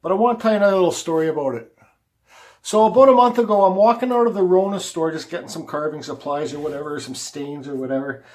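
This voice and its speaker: Higher-voiced man telling a story. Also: quick pace, a little mellow. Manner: rambling, conversational, repeats words while telling a story. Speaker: woodcarving vlogger. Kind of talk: casual talk to camera, personal storytelling.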